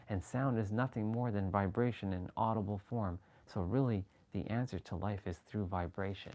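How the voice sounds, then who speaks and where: A man hosting a casual livestream, talking excitably with rambling restarts and sudden jumps in voice as he relives moments, swearing freely. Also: lowish voice, normal speed, hardly any pauses. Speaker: livestream host. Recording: faint background music.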